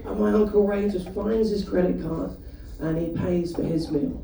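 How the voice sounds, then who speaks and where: A man from the UK doing a stand-up comedy set, telling chatty stories and throwing quick asides to the audience. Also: high-pitched, steady tone, vocal fry, mellow, slight background noise. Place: comedy club stage. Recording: roomy live venue, mic heard from a distance. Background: audience laughter.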